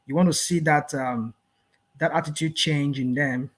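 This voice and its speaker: An older man arguing in a live panel debate, hesitant and measured, with many restarts. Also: fairly high pitch, fairly even intonation, a bit bright.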